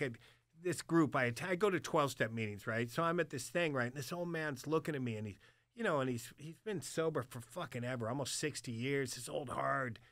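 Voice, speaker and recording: A man telling stories as a guest in casual chat, animated and profane, laughing often. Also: mid-range voice, dry recording, studio quality.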